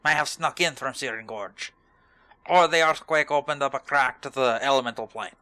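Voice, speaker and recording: A man's voice: mid-range voice, moderate pace, pushed and bright, no echo, close to an everyday voice. A man putting on a stern dwarf quest-giver. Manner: strained put-on dwarven accent.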